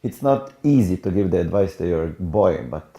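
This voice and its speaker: A man interviewing a guest, asking his questions at a calm and steady pace. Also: deep voice, moderate pace. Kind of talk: interview with short backchannels.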